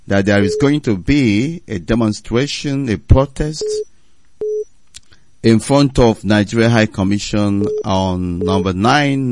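A man's voice: fairly low pitch, darkish tone, no room sound. A man hosting a radio call-in show, firm and insistent, repeating his prompts to callers.

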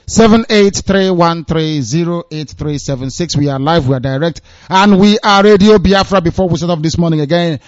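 A male call-in radio host with a somewhat high voice who talks in a formal, polite way and repeats his lines. The sound is dry and muffled, like a broadcast with a narrow frequency range. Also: a little fast, few pauses, no echo. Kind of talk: live call-in radio hosting.

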